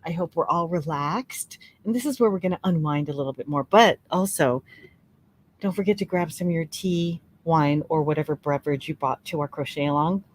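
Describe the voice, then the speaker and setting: A woman leading a relaxed crochet-along tutorial, chatting and laughing, counting stitches aloud softly. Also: low voice, fairly quick, a little hiss or hum. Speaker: crochet teacher. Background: soft relaxing music.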